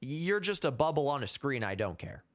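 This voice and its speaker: A man's voice: medium pitch, very animated, moderate pace. A man in his twenties hosting his own commentary show, ranting heatedly and repeating himself. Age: 20s. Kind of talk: casual opinion commentary.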